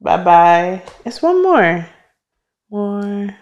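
A woman in a mid-range voice tells stories on a relaxed podcast. She acts out little quotes and laughs often as she goes. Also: mid-range voice, very slow, dull audio. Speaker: podcast co-host. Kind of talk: casual chat.

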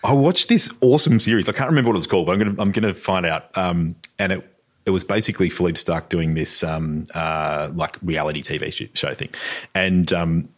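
An Australian man rambles through an anecdote as a podcast co-host, hesitating and starting over. His voice is deep and husky. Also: a little fast. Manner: rambling, many fillers and restarts. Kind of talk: casual chat.

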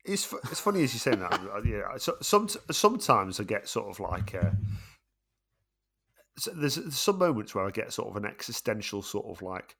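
Co-hosting a film podcast, a middle-aged man gets animated and emphatic in casual chat, his voice rising as he gets worked up. He speaks at normal speed in a lowish voice that is creaky with a breathy edge.

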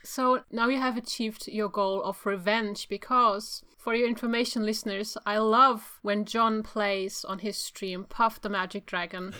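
A woman's voice: medium pitch, steady tone, measured pace, few pauses, pushed and bright. A woman hosting a casual chat show, laughing as she speaks. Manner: giggly, laughs while speaking. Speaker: podcast host.

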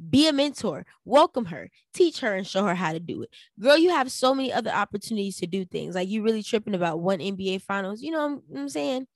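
A woman's voice: mid-range voice, dry recording. Young adult woman, mid-range voice, solo podcast commentary, punchy and direct, dry recording. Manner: animated, rhetorical questions, frequently addresses listeners directly. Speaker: podcast host.

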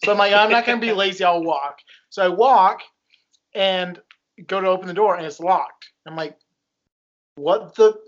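A man's voice: sits high, moderate pace, fairly bright tone. A young man casually telling a rambling, self-mocking story as a podcast co-host. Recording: dull lo-fi sound.

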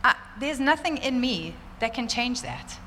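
A woman telling a church congregation a personal testimony, animated and fervent, laughing often. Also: fairly high pitch, measured pace, slight background noise. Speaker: church speaker sharing a testimony. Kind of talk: sermon testimony. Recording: roomy church hall reverb, faint ambience.

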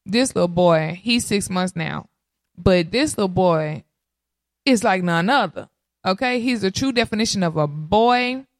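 A woman, casually telling viewers her birth story in an animated way, often calling out to them. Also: medium pitch, a little slow, dry recording, studio quality. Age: 30s. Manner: animated, addresses audience as y'all. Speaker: mother sharing birth story.

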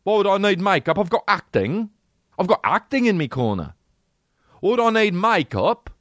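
A man putting on a high, affected British accent to play a self-satisfied male actor who is cast as a mobster. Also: big pitch swings, moderate pace, a bit bright, no room sound, clean studio sound. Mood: pompous. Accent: British, put on.

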